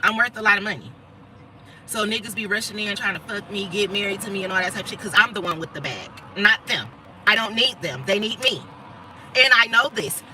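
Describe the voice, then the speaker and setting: A fairly fast, mid-range voice comes from a woman in her 30s sitting in a car with a noisy background. Her casual livestream monologue is full of blunt, emphatic, profane storytelling.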